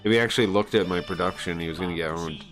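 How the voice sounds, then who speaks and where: A man's voice: low-pitched, very fast, fairly bright tone, faint music behind, low-quality recording. A man on a live stream ranting casually. He swears a lot, sounds aggrieved and rambles with restarts.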